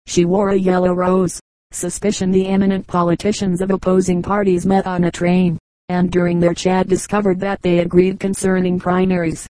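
A woman reading a collection of short jokes aloud as a steady, unhurried audiobook narration. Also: fairly low pitch, dry recording, low-quality recording. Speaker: audiobook reader.

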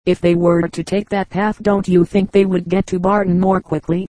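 An earnest, well-spoken young girl, kind and eager to help, read by a woman. The voice sits low and stays flat, with little rise or fall. The sound is dry and close. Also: normal speed, no room sound, lightly acted, low-quality recording.

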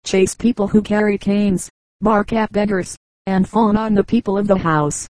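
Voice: mid-range voice, fairly even intonation, moderate pace, darkish tone, no echo, natural voice, poor audio. A smug fat house dog, as a reader puts him on. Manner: boastful, coaxing. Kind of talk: audiobook fable reading.

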